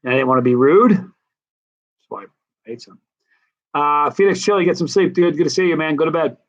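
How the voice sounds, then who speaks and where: A man's voice: on the high side, a little fast, highs cut off. A man from the East Coast hosting a casual live-stream Q&A, chatting loosely and reading out viewer comments. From United States, East Coast. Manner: relaxed, rambling, reads out viewer comments. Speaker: host of a hot pepper channel.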